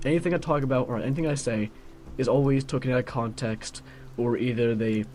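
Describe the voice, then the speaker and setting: A teenage guy rambles on in a casual, grumbling monologue, filling every pause with "like." His pitch sits mid-range for a man. Soft lo-fi music plays faintly behind him. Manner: grumbling, filler-heavy with constant "like". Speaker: vlogger.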